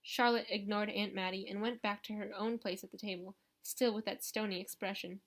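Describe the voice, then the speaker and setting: A woman narrating a novel in the first person with steady, even reading. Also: medium pitch, brisk. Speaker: audiobook reader.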